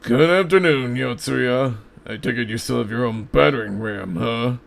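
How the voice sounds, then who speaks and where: A man's voice: mid-range voice, normal speed, vocal fry, natural voice. A man voicing a boozy, pompous adult schoolteacher with a boisterous, self-important manner. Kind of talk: fan radio play acting.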